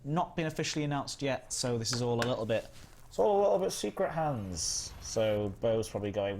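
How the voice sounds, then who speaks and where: This Northern English man from England hosts a laid-back gaming stream, rambling along and reading viewer comments aloud. His medium-pitched voice swings widely in pitch, brisk and creaky with a slightly mellow edge. There's a little background noise.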